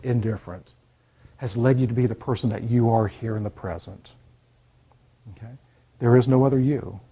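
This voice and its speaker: A man's voice: mid-range voice, warm tone, breathy edge. A man, a college counselor, giving an earnest classroom talk to students and checking in often to make sure they follow. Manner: earnest, repeats key points, checks in with "okay?".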